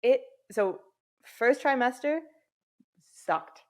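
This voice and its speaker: A woman's voice: high-pitched, lively intonation, drawn-out words, darkish tone. Candid, laughing young woman guest. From England. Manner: candid, profane, laughs often, acts out her own thoughts. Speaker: podcast guest. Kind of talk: casual chat.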